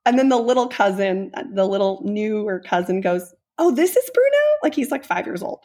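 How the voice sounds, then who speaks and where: Casual podcast co-host, a woman, warm-hearted and emotional, with a raspy edge. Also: medium pitch, normal speed. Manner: earnest, emotional storyteller who gushes. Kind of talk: casual conversation retelling a film.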